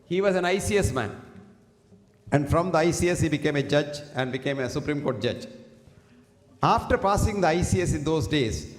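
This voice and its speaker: Indian-accented man, high voice, health lecture, preachy, echoey hall. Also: animated, moderate pace, pauses often. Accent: Indian English. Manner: preachy, quotes Sanskrit verses. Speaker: health speaker. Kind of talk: motivational health talk. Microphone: single handheld or stand mic.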